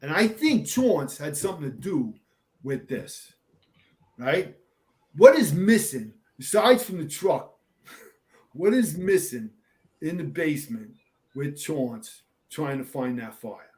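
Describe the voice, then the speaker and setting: Older guest, fire captain, animated profane storyteller, a little high-pitched. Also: male voice, unhurried. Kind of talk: casual storytelling in an interview.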